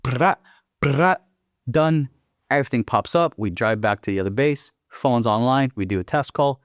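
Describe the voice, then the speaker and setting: A man's voice: mid-range voice, normal speed, dry recording, clean studio sound. A young man telling a war story as a podcast guest, swearing freely and acting out quoted dialogue. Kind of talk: casual storytelling.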